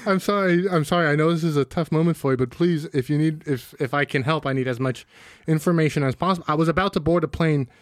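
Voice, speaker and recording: A man's voice: on the high side, fast talker, no room sound, studio quality, natural voice. A man playing an earnest, patient diplomat and straight man in an improv comedy scene, reacting with disbelief. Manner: patient, incredulous.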